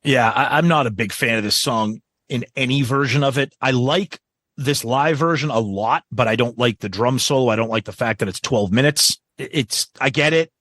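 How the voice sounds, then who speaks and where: A man's voice: medium pitch, a bit bright, no room sound. A man co-hosting a podcast, chatting enthusiastically about a live album, often repeating words as he talks. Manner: enthusiastic, repeats words, quick agreeing interjections. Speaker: podcast co-host. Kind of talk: casual music review chat.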